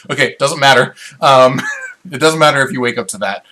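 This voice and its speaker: A man's voice: medium pitch, normal speed, bright, forceful tone, soft background music. A man talking casually while running moves at a tabletop game, loose and laughing with many fillers.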